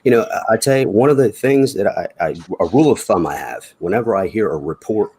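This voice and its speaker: A man's voice: fairly low pitch, animated, brisk, darkish tone, slightly rough. A middle-aged man, chatting casually in a rambling, folksy way and chuckling between remarks. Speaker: chat participant. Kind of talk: casual chat.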